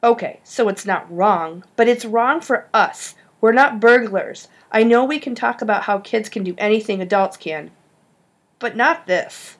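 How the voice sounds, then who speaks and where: A woman's voice: on the high side, measured pace. A woman voicing a cautious schoolboy who refuses his friend's plan with worry. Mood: worried. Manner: reluctant, worried.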